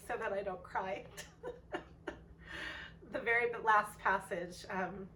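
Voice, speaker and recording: Soft-hearted woman giving a tarot reading. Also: medium pitch, steady tone, slow pace, pauses often. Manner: soft-hearted, rambling, many ums. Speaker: tarot reader. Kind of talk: casual tarot reading vlog. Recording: voice a bit far from mic, faint background noise.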